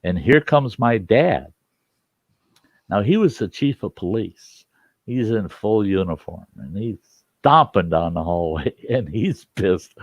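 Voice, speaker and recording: A man's voice: on the low side, animated, takes it slowly, no echo. An older man telling a personal story in a folksy, casual way, acting out the voices of the people in it. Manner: folksy, acts out quoted voices. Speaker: storyteller host. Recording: dull lo-fi recording.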